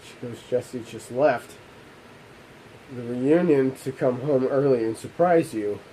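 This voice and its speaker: Emotional man with a dark, mellow voice. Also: slight background noise, rough recording. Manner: halting, restarting, voice dropping low and quiet. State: emotional, holding back tears. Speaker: gaming channel host. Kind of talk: emotional personal storytelling.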